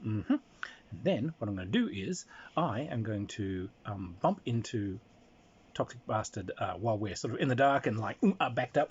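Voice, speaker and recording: A man's voice: medium pitch, lively intonation, normal speed, darkish tone, breathy edge, highs cut off. A man telling a playful anecdote about a tabletop game, slipping into character voices. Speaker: storyteller recounting a tabletop game. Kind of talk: casual anecdote with acted-out voices.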